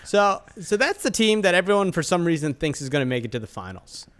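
Dry, mocking man with a lively pitch. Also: fast. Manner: dry, mocking, reads off a roster. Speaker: podcast co-host. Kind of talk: casual sports banter.

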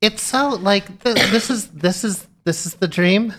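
A woman's voice: mid-range voice, unhurried, slight background noise. A woman hosting a casual chat, playful and teasing, who swears casually. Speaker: host.

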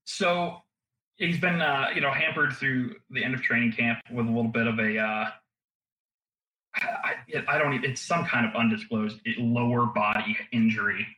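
Man, podcast guest analyst, wry and laughing, bright forceful voice, echoey room. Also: medium pitch, steady tone, normal speed. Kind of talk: casual podcast chat.

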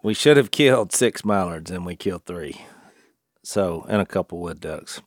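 A man's voice: low voice, moderate pace, no echo, clean studio sound. A man, co-hosting a podcast and telling stories in casual chat with a chuckle. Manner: lively storyteller, chuckling. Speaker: podcast co-host.

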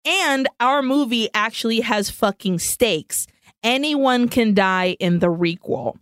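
A woman co-hosting a podcast, casually retelling a film's plot scene by scene with swearing and quick asides. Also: on the high side, fairly bright tone, clear, resonant tone, no room sound, studio quality. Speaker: podcast co-host. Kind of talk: casual movie recap chat.

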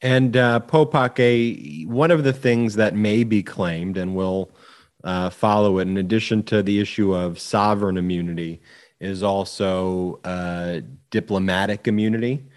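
A man's voice: lowish voice, unhurried, darkish tone. A man co-hosting a law podcast, sharing a legal war story in a casual, somewhat hesitant way with fillers. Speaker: podcast co-host, civil rights lawyer.

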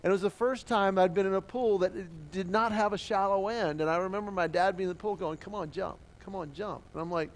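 High-voiced man preaching a story sermon. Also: quick pace, few pauses, slight background noise. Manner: animated storytelling with acted-out quotes. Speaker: pastor.

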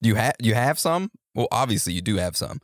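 A man co-hosting a casual podcast, talking in an unhurried, musing way with drawn-out questions. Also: on the low side, very animated, no echo, studio quality. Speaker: podcast co-host.

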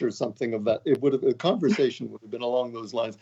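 An older man from Montreal talks through his career in a relaxed interview, dropping dry, self-deprecating jokes along the way. His voice sits at an ordinary pitch, and the recording sounds a little dull and lo-fi. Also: quick pace, hardly any pauses, breathy edge. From Canada, Montreal. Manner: wry, joking, self-deprecating. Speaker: author and guest. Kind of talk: casual interview talk. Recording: dull lo-fi audio.

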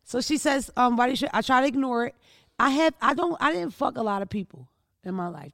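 A woman's voice: a little high, animated, moderate pace, no echo, clean studio sound. A woman hosting her podcast, telling stories in a brash, profane, casual comedic monologue. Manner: brash, profane storytelling with rising outbursts. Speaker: podcast host.

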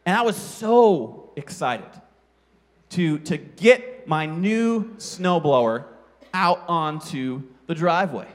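Pastor, man, high tenor voice, animated self-mocking storyteller preaching a sermon. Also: takes it slowly.

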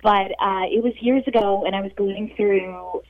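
Soft-spoken woman on a muffled phone line. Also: mid-range voice, fairly even intonation, dry recording. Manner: emotional, soft-spoken, halting. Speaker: caller. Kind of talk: casual phone call.

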